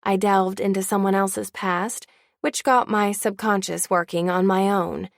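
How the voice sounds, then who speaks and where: A woman's voice: mid-range voice, steady tone, measured pace, creaky, dry recording, clean studio sound. A woman narrating an audiobook in the first person with a wry, candid tone.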